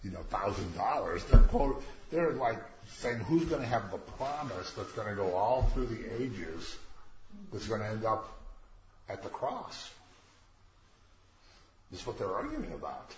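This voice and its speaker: A low-voiced man teaches a Bible class in a roomy space, captured on a dull, lo-fi recording. He talks casually and acts out the people in the story with playful, slangy voices. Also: very animated, measured pace, a crowd in the background.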